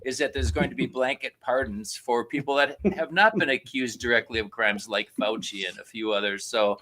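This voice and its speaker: A man co-hosting a casual chat, explaining in a measured way with many "you know" fillers. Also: mid-range voice, pushed and bright.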